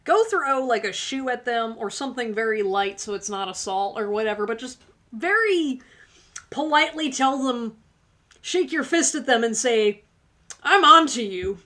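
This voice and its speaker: With lively intonation, a fairly bright tone, and a fairly high pitch, a tarot livestream host talks at a moderate pace. She speaks directly and sassily to her audience, often breaking into laughter.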